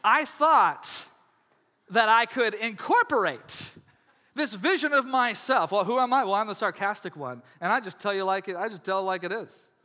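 A man preaching a sermon as pastor, in a lively, conversational way, often asking the congregation whether they follow. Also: high-pitched, normal speed, in a large hall. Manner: animated, conversational, asks audience questions.

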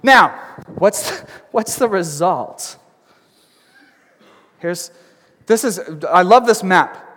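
A man preaching a sermon as pastor, telling the story in a chatty, animated way with asides and acted-out voices. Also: sits high, slow, pauses often. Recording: long hall reverb.

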